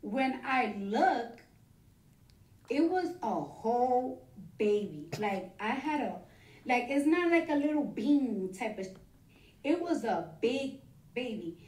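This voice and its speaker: Woman rambling thru a story, kinda high voice, far from the mic, echoey room. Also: animated, a little mellow. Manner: rambling, rapid, many restarts and profanity. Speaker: interviewee telling a personal story. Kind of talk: casual storytelling.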